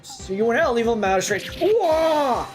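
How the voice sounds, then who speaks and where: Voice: medium pitch, animated, normal speed, over music, pitched above the performer's own voice, close to an everyday voice. Brief: streamer voicing an overblown, blustering magistrate villain for a game read-along. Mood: bellowing. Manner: shouting, overblown delivery. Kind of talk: reading game dialogue aloud in voices.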